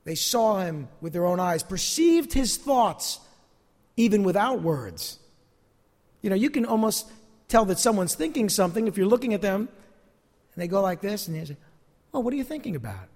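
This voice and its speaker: Earnest male preacher, high voice, echoey church hall. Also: brisk. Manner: earnest, animated preaching with emphatic repetitions. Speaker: pastor. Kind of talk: sermon.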